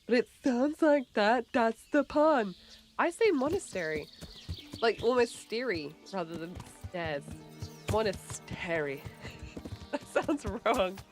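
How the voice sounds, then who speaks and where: A woman's voice: fairly high pitch, expressive, slow, faint music behind. A woman with a light English accent, chatting casually on a livestream, laughing often and mumbling a bit. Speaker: streamer.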